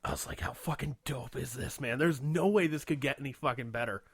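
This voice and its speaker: A man's voice: medium pitch, a little fast, breathy edge, no echo, clean studio sound. A man co-hosting a radio podcast, telling a story in casual chat with frequent laughs and swearing. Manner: laughing storyteller, swears often, puts on loud impressions. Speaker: podcast co-host.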